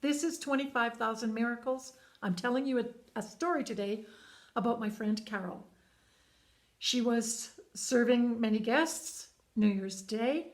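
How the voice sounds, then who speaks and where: A woman with a somewhat high voice recounts a story aloud in a simple, sincere manner. She circles back on her words now and then, keeping the telling unpolished and heartfelt. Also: a little slow. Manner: earnest, plain retelling with frequent repeats. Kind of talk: spoken storytelling monologue.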